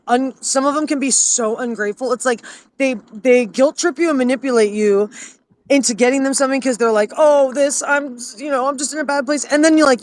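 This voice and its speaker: A woman co-hosting a podcast in casual chat, blunt and profane, ranting with indignation. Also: sits high. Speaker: podcast co-host.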